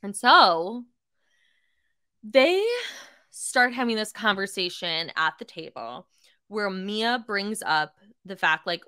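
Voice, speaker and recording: A young adult woman hosting a casual solo podcast, talking in an animated way with lots of fillers and swearing, and acting out quotes in shifting voices. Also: mid-range voice, measured pace, smooth, no room sound, studio quality. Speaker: podcast host.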